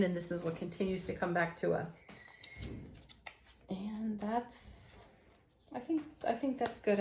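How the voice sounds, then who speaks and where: A woman reads tarot cards in a gentle, soft-spoken, casual way, with light laughs here and there. She talks from home, and faint outdoor noise sits behind her voice. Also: mid-range voice, poor audio. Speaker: tarot reader. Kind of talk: casual spiritual tarot reading. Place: home, with landscaping crew outside.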